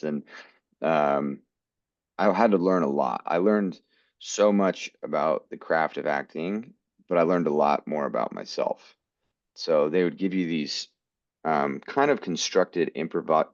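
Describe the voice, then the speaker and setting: Man, very low voice, american, earnest storyteller, muffled lo-fi sound. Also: a little mellow, no echo. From United States. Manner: earnest, quotes people in his stories. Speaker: guest actor. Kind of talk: storytelling interview.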